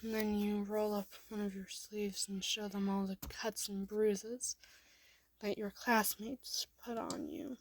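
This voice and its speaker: A woman's voice: medium pitch, lively intonation, measured pace. A woman reading a second-person fan story aloud, often in a half-whisper.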